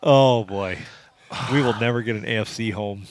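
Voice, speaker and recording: A man's voice: lowish voice, normal speed, no room sound. A man co-hosting a podcast, making dry wisecracks in casual chat. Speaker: podcast co-host.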